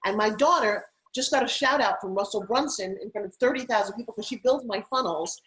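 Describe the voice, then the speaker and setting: A middle-aged woman guest telling stories in an interview, animated and putting on voices now and then. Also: a little high, fairly quick, low-quality recording. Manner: animated, acts out her kids' voices. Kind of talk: interview storytelling.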